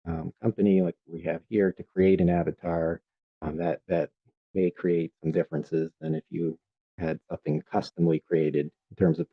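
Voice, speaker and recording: A man on a panel discussing education privacy law, careful and measured, with frequent ums. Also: sits low, no room sound, highs cut off.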